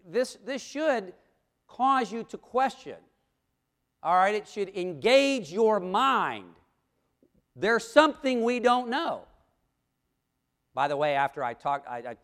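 A man preaching a sermon, asking the congregation questions and reading scripture aloud. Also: fairly high pitch. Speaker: pastor.

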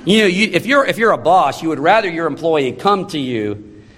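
Thirties male pastor, emphatic sermon delivery, slightly high voice, long church reverb. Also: animated, fairly bright tone. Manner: emphatic preaching with sudden drops to a low, slow, solemn tone. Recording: long reverb of a large hall.

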